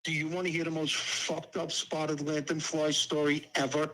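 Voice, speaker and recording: A man's voice: fairly high pitch, level tone, moderate pace, sharp tone, rough recording. A man calling into a podcast, telling a story casually with plenty of swearing. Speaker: caller.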